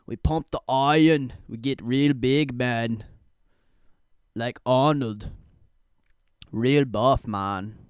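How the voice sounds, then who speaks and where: A man's voice: mid-range voice, drawn-out words, long pauses, clean tone, no echo, clean studio sound. A man doing a clumsy boastful bodybuilder impression. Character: booming musclebound male bodybuilder, boastful.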